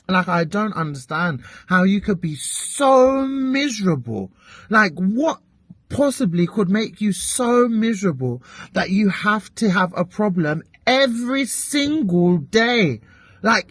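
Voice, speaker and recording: A woman's voice: mid-range voice, dry recording. A British woman giving an exasperated, chatty vlog rant and swearing freely. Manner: animated, exasperated ranting with frequent swearing. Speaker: vlogger.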